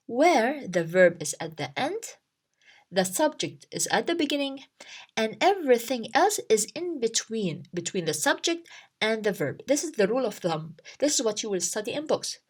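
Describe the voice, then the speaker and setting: A woman gives a relaxed beginner lesson, her fairly high voice rising and falling a lot. She explains things step by step, posing rhetorical questions and restarting sentences. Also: normal speed, husky. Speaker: Turkish language teacher.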